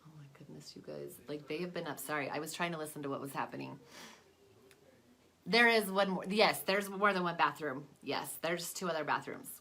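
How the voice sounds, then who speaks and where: A young adult woman with a low-pitched, creaky, fairly bright voice talks briskly in a casual makeup vlog. She's at home, away from her desk, rambling with lots of fillers.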